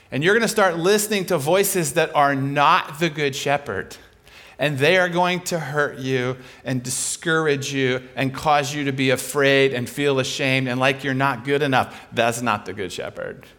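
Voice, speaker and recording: A man preaching a sermon in a lively, conversational way, acting out the voices he quotes with big swings in pitch and loudness.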